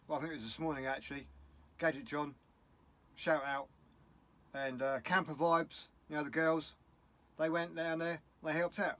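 A man's voice: a little high, fairly even intonation, moderate pace, long pauses, fairly bright tone. A middle-aged man with a British English accent, talking in a casual vlog, upset and rambling bluntly. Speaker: vlogger.

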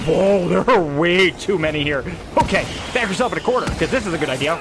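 A young man commentating his gameplay, reacting with excited, profane yelps and jokes. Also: high voice, brisk, few pauses, noisy background. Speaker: gameplay streamer.

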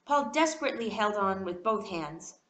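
Animated woman reading a storybook. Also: medium pitch, moderate pace, roomy sound. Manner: expressive, animated. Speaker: reader. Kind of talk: storybook read-aloud.

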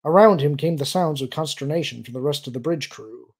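A man reading a science-fiction novel aloud as a steady audiobook narrator. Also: on the high side, brisk, husky. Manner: steady storytelling delivery. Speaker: audiobook reader. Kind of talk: scripted narration.

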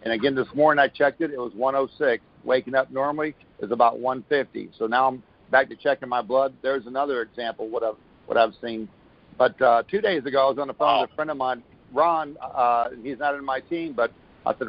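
Over a phone call, a Florida man offers an upbeat product testimonial in a mid-range, steady voice at a brisk pace. His account rambles, with many restarts along the way.

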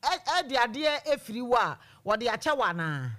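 Lively high-voiced woman hosting radio. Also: fast. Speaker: radio host. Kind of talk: call-in radio chat.

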